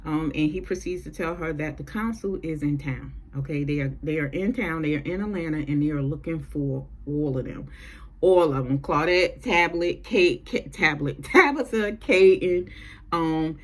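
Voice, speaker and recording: A woman's voice: low voice, moderate pace. A woman giving a casual, chatty TV episode recap, with profane, sassy asides. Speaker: TV recap vlogger.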